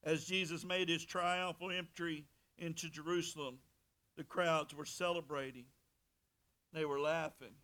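A man preaching a sermon as pastor, fervent, swinging from soft to loud and repeating words. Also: fairly high pitch, steady tone, measured pace.

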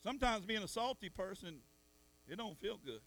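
Give me a middle-aged preacher man with a high voice, passionate and calling out to his congregation. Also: expressive, normal speed. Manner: impassioned, swings from soft asides to loud calls at the congregation. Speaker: pastor. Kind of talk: sermon. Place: church.

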